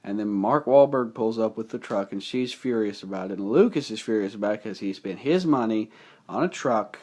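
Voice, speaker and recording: Rambling, excitable young man. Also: on the low side, a little fast. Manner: enthusiastic, rambling, with many fillers. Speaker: movie reviewer. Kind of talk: casual spoken movie recap.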